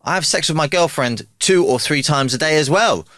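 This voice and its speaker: A man voicing an excitable male patient in a spoken joke, his voice jumping much higher. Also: moderate pace, no echo, clean studio sound. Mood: boastful. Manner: jumps much higher and louder. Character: excitable man confessing to a doctor.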